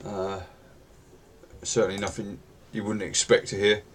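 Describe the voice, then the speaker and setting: Man, game master, lowish voice, easygoing, self-deprecating, video call mic. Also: slight background noise. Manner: relaxed, self-deprecating, with filler pauses. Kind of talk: running a tabletop game over a video call.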